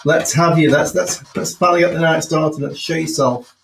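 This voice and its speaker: A man running a live ghost hunt in an old building at night, calling out questions to the spirits in a half-hushed voice. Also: a little high, steady tone, normal speed, vocal fry, noisy background. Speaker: ghost hunter. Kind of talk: live paranormal investigation. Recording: roomy echo.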